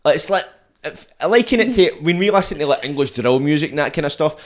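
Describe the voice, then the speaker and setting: Brief: Scottish male podcast host, rapid delivery, slightly high voice, salty and jokey. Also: expressive. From Scotland. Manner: sweary, laughing, fast-talking. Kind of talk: casual chat.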